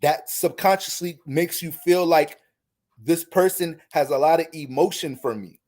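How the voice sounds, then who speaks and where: This man runs an astrology channel and speaks at a measured pace in a voice on the higher side. His monologue is casual, profane, and rambling, animated throughout, with frequent restarts.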